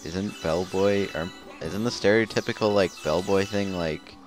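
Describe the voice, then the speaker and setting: A man's voice: low voice, normal speed, soft background music. A young man with a Midwestern accent, co-hosting a let's play in casual, teasing gaming chat. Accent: Midwestern American. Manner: teasing, laid-back.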